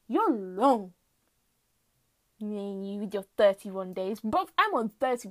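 A woman voicing the month September as a stressed young man who talks in put-on street slang and rants in exasperation. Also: on the high side.

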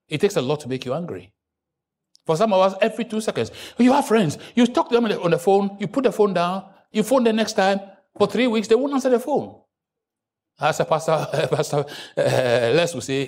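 A male pastor preaching a sermon in church, joking with the congregation and breaking into sudden loud rises. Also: a little high, very animated, moderate pace.

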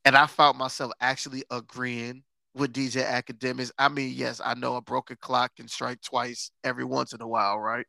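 A man hosting a podcast in casual chat, sarcastic and quick to laugh, stretching words for emphasis. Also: medium pitch, little pitch movement, creaky, pushed and bright, no room sound. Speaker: podcast host.

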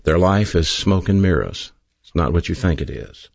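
Deep-voiced guy preaching a sermon, earnest and emphatic, dry kinda dull recording. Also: animated, gravelly, darkish tone, dry recording. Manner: earnest, emphatic preaching with slow drawn-out stresses. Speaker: pastor.

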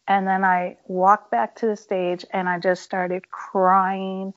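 A woman with a mid-pitched voice tells her stories in a casual interview, candid and emphatic, with plenty of fillers. The audio is a bit dull and lo-fi. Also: little pitch movement, takes it slowly, hardly any pauses. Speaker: punk band musician, interview guest.

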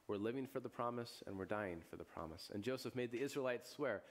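A man preaches a sermon at a mid-range pitch, telling the scripture story like a lively storyteller. He rises into loud, excited bursts and then sinks into quiet, solemn lines. Casual asides and small chuckles keep it conversational. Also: brisk, few pauses. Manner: chuckles and asides in everyday speech. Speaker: pastor.

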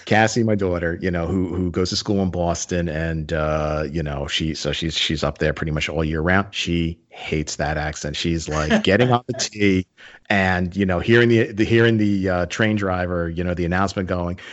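Casting: low-pitched man, casual chat host, loose and rambling, dull lo-fi recording. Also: steady tone, moderate pace. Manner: rambling with many fillers and restarts.

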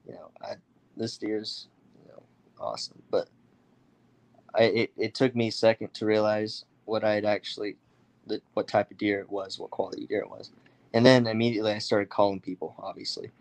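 A young man from the United States recounts a story in a casual, animated way. His voice sits a little low, and he jumps into other people's voices for the quoted lines. His talk is loose, with plenty of fillers. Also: moderate pace. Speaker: guest storyteller.

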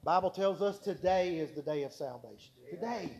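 A man's voice: a little high, animated, normal speed, darkish tone, low-quality recording. A man preaching a sermon, telling folksy stories and repeating his points for emphasis. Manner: folksy storytelling with emphatic repetition.

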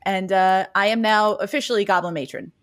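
A woman's voice: mid-range voice, steady tone, fairly quick, a bit bright. A woman co-hosting a podcast, chatting casually with mock boasting and frequent giggles. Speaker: podcast co-host. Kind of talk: casual chat.

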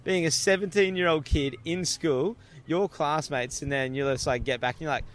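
A young Australian man hosting a podcast, telling stories in lively casual chat with frequent laughter. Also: on the high side, moderate pace, slight background noise. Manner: animated storyteller, laughing often. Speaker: podcast host.

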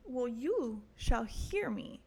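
A woman's voice: fairly high pitch, big pitch swings, slow, creaky, warm tone, slightly rough. A young woman hosting her own podcast in a casual solo monologue, crude and self-mocking, swearing often and laughing at her own jokes. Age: young adult. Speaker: podcast host.

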